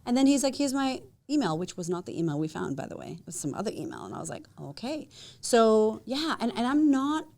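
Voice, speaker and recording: A woman talking as a guest in a casual podcast conversation. She tells her stories with energy, acts out what people said by jumping up in pitch, laughs often, and swears casually. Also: a little fast, gravelly. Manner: animated storyteller who acts out quotes with big jumps up in pitch.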